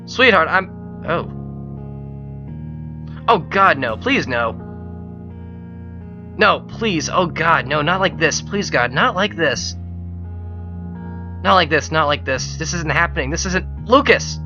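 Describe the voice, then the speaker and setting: A man reading aloud the lines of a game's father figure begging his dying son to answer, pleading and shouting out in despair. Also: fairly high pitch, expressive, slow pace, long pauses, highs cut off, over music. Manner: pleading, breaking into desperate shouts.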